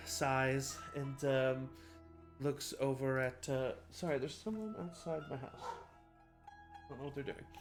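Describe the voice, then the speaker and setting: A man's voice: medium pitch, fairly bright tone. A man narrating a tabletop game as game master, loose and full of fillers. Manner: casual, filler-heavy description.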